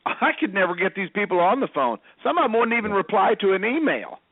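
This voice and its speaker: A man's voice: sits high, very animated, quick pace, dry recording, narrow, tinny audio. A man, an agency owner on a panel, blunt, combative and joking. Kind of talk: heated panel talk.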